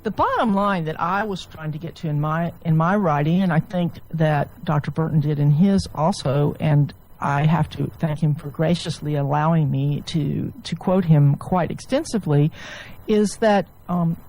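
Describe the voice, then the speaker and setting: A woman physician and author, a guest, explaining ideas at length in a relaxed interview, often restarting her sentences. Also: deep voice, normal speed, poor audio. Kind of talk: casual interview chat.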